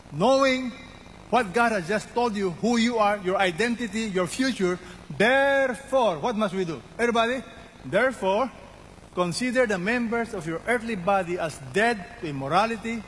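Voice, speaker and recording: A man's voice: a little high, slight background noise. An older man preaching a sermon, emphatically repeating key words and putting questions to his congregation. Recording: long hall reverb.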